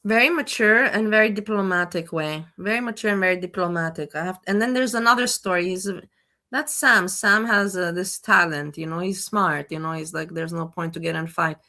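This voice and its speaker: A woman's voice: lowish voice, a little fast, bright, forceful tone. A woman hosting a live stream, chatting casually, commenting on a guest's story and greeting viewers. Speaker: stream host. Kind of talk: casual chat.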